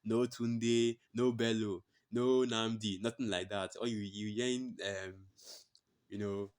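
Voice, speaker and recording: Lowish voiced guy doing religious commentary, swears a lot, repeats himself to hammer a point. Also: flat delivery, a little slow, a little mellow, smooth. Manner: blunt and profane, repeats phrases for emphasis. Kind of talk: religious commentary with scripture readings.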